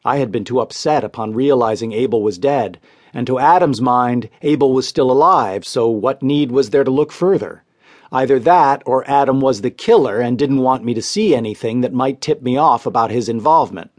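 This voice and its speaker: A man reading crime stories as an audiobook narrator, in steady, measured scripted narration. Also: mid-range voice, no echo, clean studio sound.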